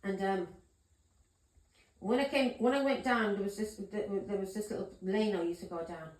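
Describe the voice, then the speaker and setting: Speaking at a normal pace in a medium-pitched, darkish voice, a woman who reads tarot tells a casual story to camera. She is emphatic, curses, and keeps asking her listeners "yeah?" and "do you understand me?". Echo fills the roomy space.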